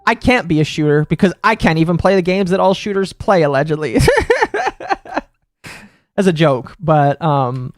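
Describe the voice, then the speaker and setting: Excitable ranting streamer man from Texas. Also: fairly high pitch, no room sound, clean studio sound. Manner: rambling, excitable, quick to rant. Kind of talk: casual live-stream commentary.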